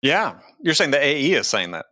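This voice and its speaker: A man with a bright, forward tone hosts an interview. He keeps his turns short, with quick affirmations and brief questions. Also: medium pitch, big pitch swings. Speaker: host. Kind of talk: interview host.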